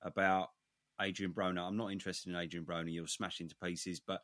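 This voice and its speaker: A man's voice: deep voice, little pitch movement, brisk, a bit bright, no echo, clean studio sound. A man co-hosting a boxing podcast, steering the topics and stating firm opinions. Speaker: podcast co-host. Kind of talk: casual boxing chat.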